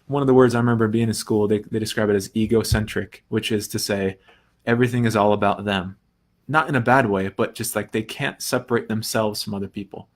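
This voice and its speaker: A young adult man hosting a recovery talk, explaining ideas earnestly in a casual teaching way, often restarting and softly acting out quoted thoughts. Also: fairly low pitch, fairly even intonation, fairly quick. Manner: earnest, thinks aloud with restarts and soft quoted asides. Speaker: recovery podcast host.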